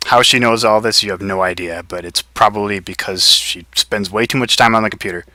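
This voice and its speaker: A man running a tabletop game, brisk and wry. His voice is very bright and cutting and sits somewhat low, recorded dry and close. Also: no echo. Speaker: game master.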